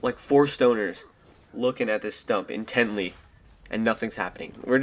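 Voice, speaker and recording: A man's voice: mid-range voice, normal speed, a bit bright. A young man hosting his channel, telling a story in a casual, rambling way full of slang and fillers, into a desk microphone. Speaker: channel host. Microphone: desk USB microphone.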